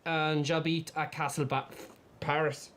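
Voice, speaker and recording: A man's voice: on the high side, level tone, unhurried, fairly bright tone, slight background noise. A man playing a sheepish fellow who pretends to be French in a comedy sketch. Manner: evasive, fumbling schoolbook French.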